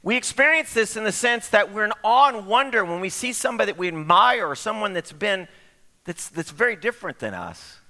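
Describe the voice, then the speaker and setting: A middle-aged man preaching a sermon as pastor, telling stories in an animated way and acting out the voices of the people in them. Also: high-pitched, brisk. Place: church sanctuary. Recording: long hall reverb.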